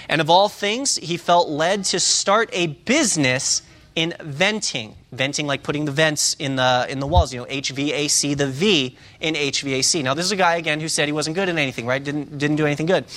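A man with a bright, forceful, slightly high voice tells a story from the pulpit. He stumbles and restarts often and fills his pauses with "uh.". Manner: halting, frequent filler sounds and restarts. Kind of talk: storytelling sermon.

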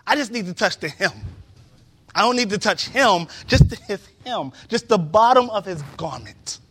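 A man's voice: sits high, moderate pace. A man preaching a sermon in a church, telling stories with acted-out voices and building to emphatic peaks. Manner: animated storytelling, acts out voices, rising to emphatic peaks.

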